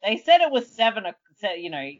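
A woman's voice: medium pitch, sing-song, quick pace, a little hiss or hum. A woman chatting casually and animatedly, swearing freely and acting out scenes in exaggerated voices. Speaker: podcast co-host. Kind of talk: casual chat. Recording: dull lo-fi sound.

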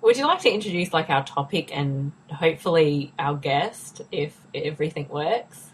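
A young woman co-hosting a podcast, teasing and giggly, often excitable. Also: sits low, normal speed, breathy edge, poor audio. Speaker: podcast co-host. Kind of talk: casual podcast banter.

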